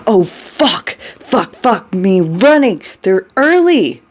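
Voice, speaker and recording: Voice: mid-range voice, a little slow, lightly acted. A reader voicing a frightened, profane young man in a story read aloud, calling out urgent commands. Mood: panicked. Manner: shouting, urgent and panicked.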